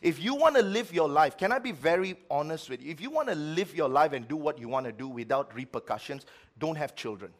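A middle-aged man preaching a sermon as pastor, with lively swings between loud, emphatic lines and quiet ones. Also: fairly high pitch, brisk, hardly any pauses.

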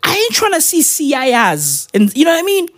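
A woman's voice: high voice, wildly swooping pitch, fairly quick. A young woman from Africa, delivering a profane comedic rant that keeps tossing in "right?". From South Africa.

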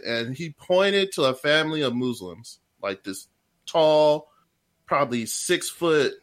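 A young man spins a rambling story among friends, cursing freely and laughing as he goes. He slips into quick quoted voices for the people in his tale, then drops back to his own plain, mid-pitched voice. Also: animated. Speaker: storyteller in a group podcast.

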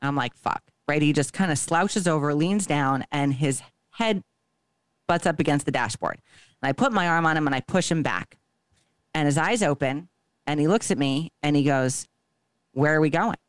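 A woman's voice: low voice, lively intonation, moderate pace, clear, resonant tone, no room sound. A woman co-hosting a podcast, telling a long story in a casual, profane way and acting out each line of dialogue. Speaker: podcast co-host.

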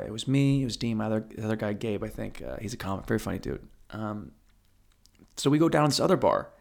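A man's voice: medium pitch, lively intonation, quick pace, gravelly. A man telling a stand-up story, rambling, swearing and poking fun at himself. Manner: profane, rambling, self-deprecating. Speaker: stand-up comedian.

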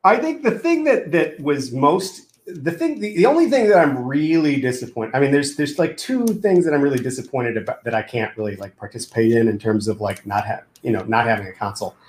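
A man's voice: mid-range voice, lively intonation, brisk, hardly any pauses. A man who makes games, chatting casually with a lot of restarts and fillers. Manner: hesitant, many restarts and fillers, laughs often. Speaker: game developer. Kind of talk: casual podcast chat. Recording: roomy echo.

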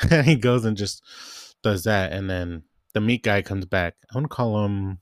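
A young grocery store worker launches into a long, rambling rant about his job, mimicking his coworkers' voices along the way. His voice is slightly low and his pace normal, and he leans heavily on "like" and loose tangents. The recording is dry and close, with no room echo.

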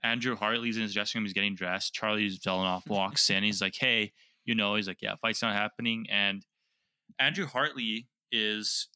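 A man's voice: on the low side, moderate pace, pushed and bright, no echo. A man co-hosting a podcast, retelling events step by step in casual chat. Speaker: podcast co-host.

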